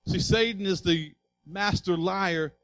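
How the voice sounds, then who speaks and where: A male pastor preaching in a high voice. He swings from soft asides to loud, driving passages and keeps asking the congregation questions. The sound is dry and close. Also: takes it slowly, dry recording. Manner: asks the congregation rhetorical questions. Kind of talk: sermon.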